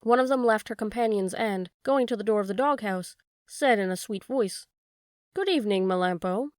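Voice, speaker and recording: A woman reading a children's story aloud as an audiobook narrator in steady scripted narration. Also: a little high, brisk, no echo, clean studio sound.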